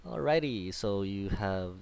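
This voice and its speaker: A young man from the Philippines with a Filipino accent hosts a gaming tutorial, talking casually over a replay. His voice is lowish, creaky, and darkish yet clean, slow and expressive. He rambles chattily, full of ums, fillers, and restarts.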